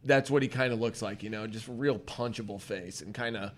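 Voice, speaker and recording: A man's voice: on the low side, fairly quick. A man in casual chat as podcast co-host, telling a story animatedly, laughing and swearing.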